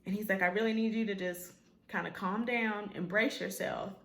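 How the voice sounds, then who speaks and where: A woman's voice: medium pitch, steady tone, normal speed, vocal fry, a bit bright. Echoey woman telling an emotional story. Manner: emotional retelling, quoting others, filler-heavy. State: tearful at times. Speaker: vlogger. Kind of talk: personal storytelling to camera.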